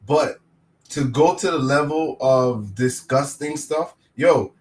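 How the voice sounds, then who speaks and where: A man's voice: mid-range voice, slow. Slangy casual male podcast host. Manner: loose and slangy, many false starts. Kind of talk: casual chat.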